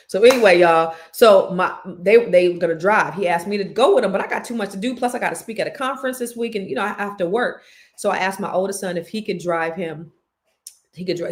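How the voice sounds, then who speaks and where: Animated mom telling a story. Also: female voice, mid-range voice. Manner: animated storytelling, voice jumping up when quoting. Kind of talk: casual storytelling chat. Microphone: live stream mic.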